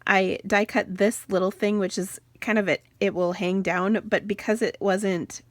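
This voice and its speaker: A woman's voice: mid-range voice, flat delivery, a little slow, no room sound. A woman in her forties hosting a casual card-making tutorial, chatting and telling rambling family stories with laughing asides as she works. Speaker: card-making channel host.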